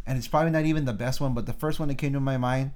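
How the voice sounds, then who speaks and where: A young man co-hosting a casual podcast chat, animated and jokey, slipping into funny voices. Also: medium pitch, rapid-fire. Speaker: podcast co-host.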